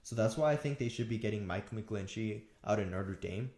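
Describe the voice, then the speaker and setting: Male sports commentator, low voice, loose off-the-cuff delivery, echoey room. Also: normal speed, a little mellow. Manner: casual, with restarts and fillers. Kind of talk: solo draft analysis talk.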